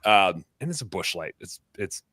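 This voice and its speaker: A man in his thirties from Wisconsin, hosting a podcast in a rambling, animated chat. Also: low-pitched, normal speed, no echo, studio quality. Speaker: podcast host. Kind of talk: casual chat.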